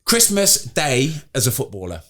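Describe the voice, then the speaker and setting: A man's voice: medium pitch, wildly swooping pitch, a little fast, a bit bright. Male podcast host, enthusiastic and chatty, mid-range voice. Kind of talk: casual podcast chat. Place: office.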